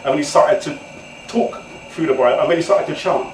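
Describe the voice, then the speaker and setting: A man, an author telling comic stories to an audience in an animated way and laughing often. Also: a little high, brisk. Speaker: author, guest speaker. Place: event room indoors. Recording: echoey room from far off, noisy.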